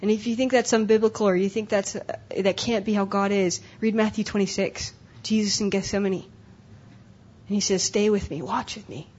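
A woman's voice: mid-range voice, level tone, moderate pace, a little mellow, slightly rough. A young adult woman speaking at a conference breakout session, earnest and emotional, often repeating herself. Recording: dull lo-fi live recording.

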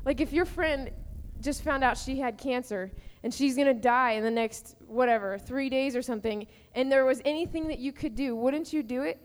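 A young woman with a fairly high voice talks to teenagers with earnest feeling, plainly and informally. Her words ring out through the long reverb of a large camp hall. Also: normal speed. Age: young adult. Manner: earnest, rising to impassioned cries when acting out prayer. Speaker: youth panel speaker. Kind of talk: informal teaching to teens.

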